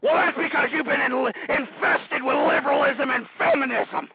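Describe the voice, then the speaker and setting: A middle-aged man hosting a call-in radio show, ranting and shouting in bursts. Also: very high voice, normal speed, vocal fry, heavy background noise. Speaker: radio talk show host. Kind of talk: call-in talk radio rant. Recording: dull lo-fi radio audio.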